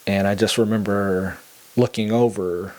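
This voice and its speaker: A young adult man telling a personal story in a casual way. He laughs between lines and turns low and quiet in the somber parts. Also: fairly even intonation, unhurried.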